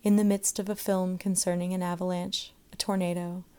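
A woman narrating a short story aloud in a measured, expressive way. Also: on the low side, clean tone.

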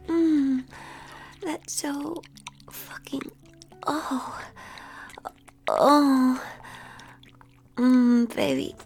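Slow whispered role-play, young woman. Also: high voice, fairly even intonation, darkish tone.

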